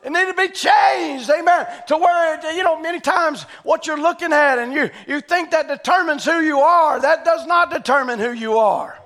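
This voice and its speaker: A man preaching a sermon, swinging between fervent shouting and sudden quiet stretches. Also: very high voice, normal speed, few pauses.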